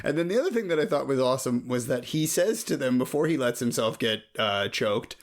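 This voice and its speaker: A man co-hosting a movie podcast, incredulous and animated as he mocks plot holes. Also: medium pitch, brisk. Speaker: podcast co-host. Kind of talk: casual film-critique chat.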